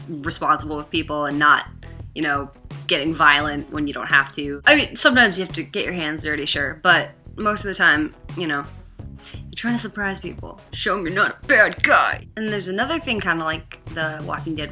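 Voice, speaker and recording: Young woman, game reviewer, casual and blunt, fillers everywhere, forceful tone. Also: deep voice. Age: young adult. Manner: chatty, heavy on fillers, blunt and swearing.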